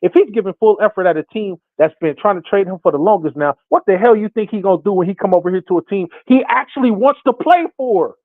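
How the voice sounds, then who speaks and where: High-voiced man, tinny phone-like sound. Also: expressive, fast, hardly any pauses, no echo. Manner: acts out imagined quotes in put-on voices. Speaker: podcast co-host. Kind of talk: animated sports talk.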